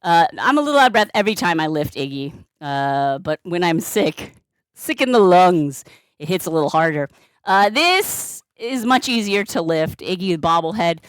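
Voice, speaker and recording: A woman's voice: fairly low pitch, lively intonation, normal speed, dry recording. A woman streaming live, chatting playfully and gushing thanks to her viewers. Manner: bubbly, gushing thanks to chat; playful, baby-talks her cat. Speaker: streamer and balloon artist. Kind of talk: casual live-stream chat.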